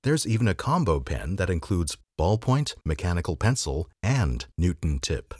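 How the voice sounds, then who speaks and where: A man's voice: deep voice, big pitch swings, normal speed, darkish tone, slight background noise. A man hosting a podcast, reading an old magazine article aloud with a dry, wry delivery. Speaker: podcast host.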